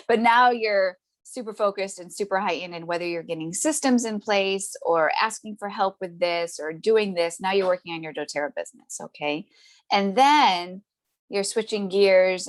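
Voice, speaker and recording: A woman as an interview guest, telling a story in a chatty way, full of tag questions and fillers, who laughs often and acts out the voices she quotes. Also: on the low side. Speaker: interview guest, essential oils seller. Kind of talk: casual conversational storytelling.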